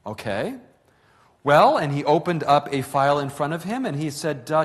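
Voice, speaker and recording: A man's voice: a little high, big pitch swings, normal speed, in a large hall. A man telling a family story to an audience in a conversational way, correcting himself as he goes. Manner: conversational, with fillers and self-corrections.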